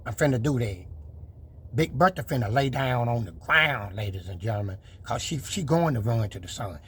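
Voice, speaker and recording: A man's voice: mid-range voice, animated, normal speed, a bit bright, slight background noise. A man talking casually to his viewers about his truck build, boastful and preachy in manner.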